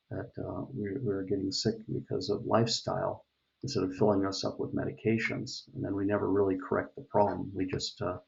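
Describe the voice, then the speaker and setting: A man's voice: on the low side, gravelly, darkish tone. A middle-aged man from the United States giving a casual opinion monologue, rambling with many fillers and restarts. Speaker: vlogger. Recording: dull lo-fi recording.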